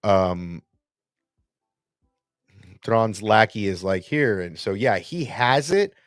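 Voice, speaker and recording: A man's voice: on the low side, lively intonation, takes it slowly, no room sound, clean studio sound, faint music behind. A man co-hosting a casual fan podcast, talking in a rambling, self-correcting, playful way. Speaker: podcast co-host.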